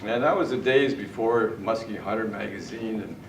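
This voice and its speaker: A middle-aged man tells fishing anecdotes in a tribute speech at a party, chuckling often, his voice on the low side and his speed normal. The large indoor party room makes the recording echoey, distant and noisy.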